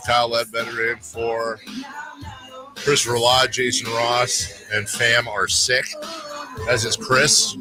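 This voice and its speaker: A middle-aged man hosting a sports radio show, chatting casually and rambling through stories with restarts. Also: mid-range voice. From Sacramento area. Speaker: radio sports talk host.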